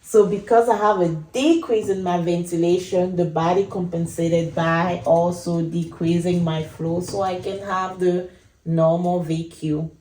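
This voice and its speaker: A woman teaching anesthesia at a whiteboard, explaining slowly and repeating key points to her viewers. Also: fairly low pitch, warm tone, echoey room, low-quality recording. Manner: slow, repetitive explaining, addresses viewers as guys. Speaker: anesthesia educator. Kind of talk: whiteboard lecture.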